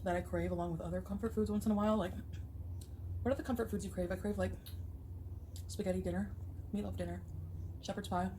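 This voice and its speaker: A woman's voice: medium pitch, steady tone, quick pace, long pauses, mellow, slight background noise. A woman chatting casually while eating on camera, rambling with lots of fillers. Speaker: mukbang vlogger. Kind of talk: casual eating vlog chat. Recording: clip played from a video.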